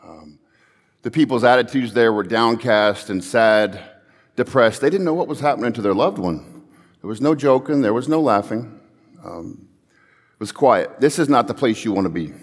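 A man's voice: mid-range voice, big-room sound. A man preaching a sermon, telling a story earnestly and building to emphatic calls.

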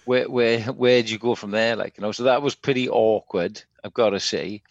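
A Welsh man telling stories in a relaxed, chatty way on a podcast. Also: fairly low pitch, normal speed, dry recording, highs cut off. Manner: chatty anecdotal storyteller. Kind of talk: casual chat, storytelling.

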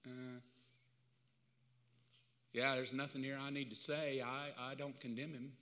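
A man preaching, speaking as a calm, forgiving male savior in a soft, hushed voice. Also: medium pitch, measured pace, big-room sound, pitched below the performer's own voice. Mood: gentle.

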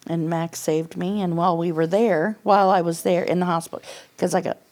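A middle-aged woman appears as a podcast guest, candidly and casually sharing her personal testimony. Her voice sits on the low side with a darkish tone, fairly even intonation and a fairly quick pace. She laughs often and acts out what people said to her.

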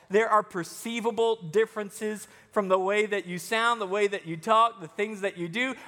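Male pastor, Arkansas-raised with a faint Southern lilt, high voice, conversational sermon with humor, long reverb in a church. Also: a bit bright. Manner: conversational preaching with joking asides.

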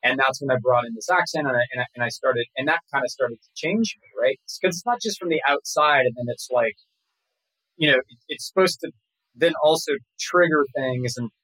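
A man talking casually as an actor guest in an interview, rambling and relaxed with many fillers and restarts. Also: mid-range voice, fairly quick, breathy edge, no room sound, poor audio.

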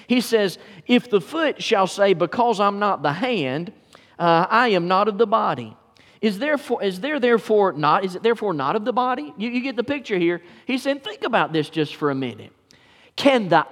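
A male pastor delivers a sermon with a notably high voice. He presses his points through repetition and calls out to the congregation. His words ring out through a church sanctuary with a long reverb. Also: fairly bright tone. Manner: emphatic preaching with repetitions and call-outs.

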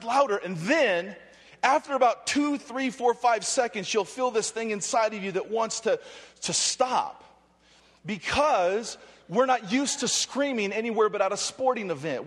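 The man's pitch is extremely high and a little bright as he fervently preaches and prays to a large live audience. He jokes, energizes the crowd, and his voice trails off in long hall reverb.

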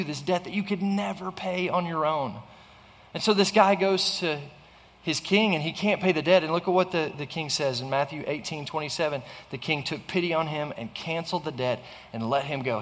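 A man's voice: on the high side, a bit bright, big-room sound. A man preaching a sermon in an earnest way, often restarting phrases and asking the listeners rhetorical questions. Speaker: pastor.

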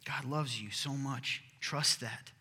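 A man preaching a sermon as pastor, earnest and emphatic, sometimes dropping to a hush. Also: mid-range voice, slow pace, husky. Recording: hall reverb.

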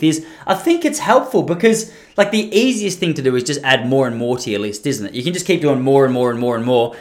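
A man's voice: a little high, sing-song, fast talker, few pauses. A man hosting his own podcast, rambling and self-deprecating in casual chat. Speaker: podcast host.

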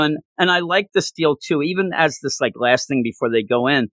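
A man hosting a casual comic book podcast, his voice pitched slightly above the usual male range. He sounds dry and close to the mic, with no room around him. He gushes with excitement and keeps restarting his sentences. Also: a little fast, dry recording. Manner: excitable, gushing, frequent restarts.

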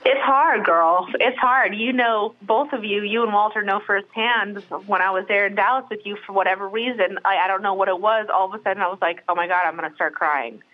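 Talking fairly quickly and hardly pausing, a middle-aged woman speaks at medium pitch as a podcast guest. She's a brow artist, and her candid, casual chat is full of fillers and restarts. It sounds like a phone recording.

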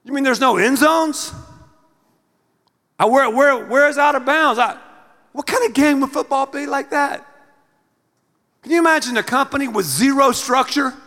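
A middle-aged male pastor preaching a sermon in a theatrical, animated way, acting out everyday scenes. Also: very high-pitched, normal speed, pauses often. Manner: animated, theatrical, acts out scenes with big swings in loudness. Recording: long reverb of a large hall.

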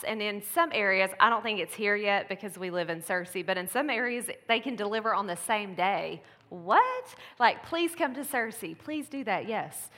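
A woman of medium pitch, pushed and bright in tone, gives a Mother's Day message from the church sanctuary. As the pastor's wife she keeps it casual and conversational, laughing in asides, while long church-hall reverb trails her words.

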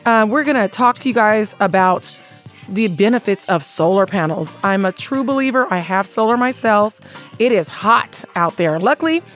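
A woman's voice: medium pitch, lively intonation, normal speed, faint music behind. A woman hosting a casual radio talk show, upbeat and chatty, laughing often, her voice a little worn. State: slightly lost voice.

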